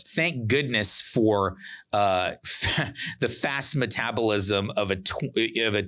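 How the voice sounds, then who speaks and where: A podcast host in his forties spins a casual story, acting out each line of dialogue with lively energy. His voice sits a little low, yet it carries a bright, forward edge. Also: measured pace. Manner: animated, acts out quoted dialogue.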